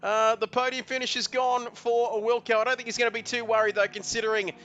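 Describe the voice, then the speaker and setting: Man calling a sim race, high bright voice, excitable with lots of fillers. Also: fast, lo-fi sound, slight background noise. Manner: excitable, hesitant fillers, building to shouts at the finish. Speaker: race commentator. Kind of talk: live sim racing commentary.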